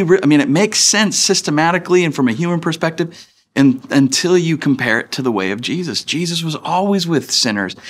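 A man in his thirties delivers a sermon in a church. He talks in a loose, chatty way, full of little fillers and restarts, and his voice sits at an ordinary middle pitch. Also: a bit bright. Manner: casual conversational preaching with filler words. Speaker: pastor. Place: church stage.

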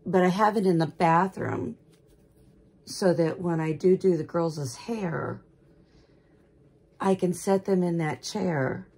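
A woman's voice: lowish voice, a little mellow, slightly rough. A woman vlogging about her dolls in rambling, homespun casual chat that gushes with gasps. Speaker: doll collector vlogger.

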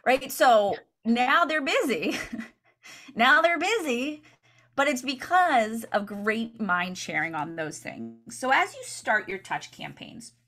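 Woman, real estate training talk, chatty, energetic, keeps asking "right?", bright tense tone. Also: medium pitch.

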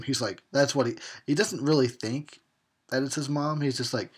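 A man's voice: mid-range voice, normal speed, husky. A man giving a tipsy, sarcastic commentary on a horror film, laughing and swearing as he goes. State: tipsy from drinking.

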